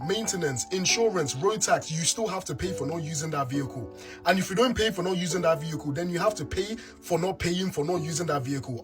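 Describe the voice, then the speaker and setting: A British man giving a comedic monologue, incredulous and full of rhetorical questions. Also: sits high.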